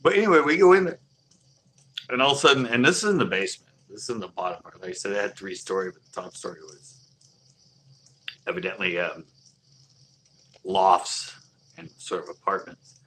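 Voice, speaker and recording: A man's voice: sits low, fairly quick, long pauses, a bit bright. A man telling a long casual anecdote, rambling with many fillers and chuckling as he goes. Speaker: storyteller.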